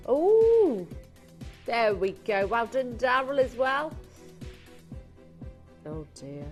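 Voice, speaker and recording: A woman presenting on a live TV shopping channel, excitable and gushing as she urges viewers to buy. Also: a little high, slow, music in the background. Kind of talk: live TV shopping sales patter.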